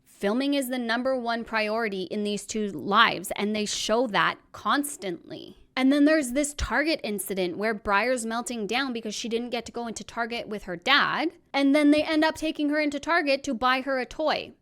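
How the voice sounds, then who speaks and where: A young adult woman hosting a commentary video, her voice sitting a little higher than most. She speaks in a scripted, pointed way and sounds critical of what she describes. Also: moderate pace, fairly bright tone. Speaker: commentary channel host.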